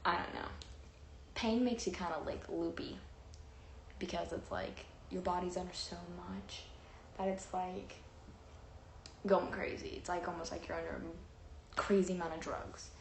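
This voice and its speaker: A young woman's fairly low, steady voice carries vocal fry as she slowly rambles through a lengthy story from her own life, using many fillers and acted-out quotes and leaving long pauses. The vlog has roomy echo and a little background noise.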